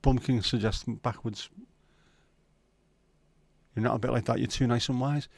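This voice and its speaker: A man's voice: medium pitch, steady tone, a little slow, creaky, a little mellow, dry recording. Blunt, sweary Scouse man chatting. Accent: Liverpool. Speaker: livestream host. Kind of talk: casual chat reading viewer comments.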